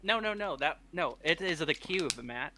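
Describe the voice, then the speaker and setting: Bright-voiced teasing young man. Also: a little high, expressive, slight background noise, poor audio. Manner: teasing, quick to laugh. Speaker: podcast co-host. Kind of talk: casual podcast banter.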